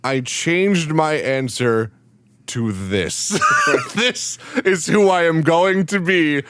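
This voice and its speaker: A man's voice: on the high side, animated, takes it slowly, background noise. A man co-hosting a podcast in casual chat, talking enthusiastically and laughing often. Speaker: podcast co-host.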